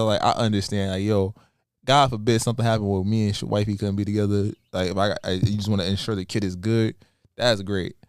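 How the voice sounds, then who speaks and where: A man's voice: fairly low pitch, clean tone, no room sound, clean studio sound. A man co-hosting a podcast, laid-back and joking in slangy casual banter. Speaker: podcast co-host.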